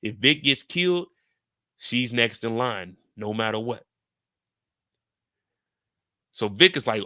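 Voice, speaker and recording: Male recap host, loose and cussing, jokes to the audience; forceful bright tone, dead-dry sound. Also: medium pitch, a little slow, pauses often, no echo. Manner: profane, joking, addresses viewers directly. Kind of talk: casual episode recap commentary.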